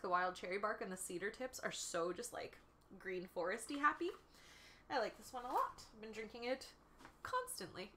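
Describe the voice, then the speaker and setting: A woman's voice: medium pitch, sharp tone, a little hiss or hum. A woman in her thirties hosting a casual livestream from her kitchen, chatty and bubbly, laughing often as she answers viewers. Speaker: livestream host and tea shop owner. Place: home farmhouse kitchen.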